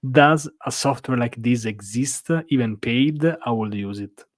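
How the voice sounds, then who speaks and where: An Italian-accented man answers viewer questions on a casual live stream from his hotel room, rambling and saying "uh" often. His voice is medium in pitch and a little slow, with no echo.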